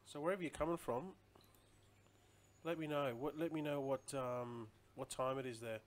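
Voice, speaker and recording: A man's voice: medium pitch, fairly even intonation, moderate pace. A man chatting casually on a live stream, rambling loosely and answering viewer comments as he goes.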